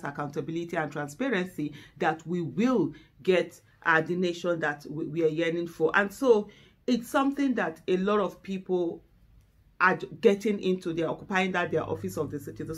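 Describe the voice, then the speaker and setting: A middle-aged Nigerian woman with a Nigerian accent, delivering an impassioned, emotional speech to camera, fervent and close to tears. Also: fairly low pitch. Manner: fervent, rising to exasperated outbursts. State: tearful, close to breaking down. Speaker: activist.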